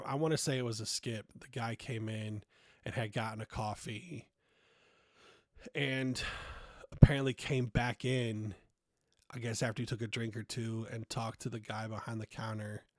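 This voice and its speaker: A man talks through a casual podcast monologue at an ordinary middle pitch. He is blunt and swears freely, and his voice climbs when something annoys him. The sound is dry and close, with no room echo. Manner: blunt, profane, gets loud and animated when riled. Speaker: podcast host.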